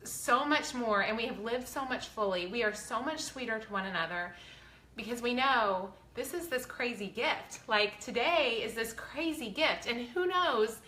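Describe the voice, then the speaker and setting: Bright-voiced earnest woman in her forties. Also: on the high side, animated, moderate pace, reverberant. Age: 40s. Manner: earnest, faith-filled, chatty with many fillers. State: close to tears. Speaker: vlogger. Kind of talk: casual heartfelt talk to viewers.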